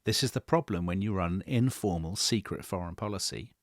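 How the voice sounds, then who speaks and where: A middle-aged co-host of a history podcast, with a very low voice, retells events briskly and with dramatic flair, slipping into the voices of the people he quotes. The recording is dry and close to the mic.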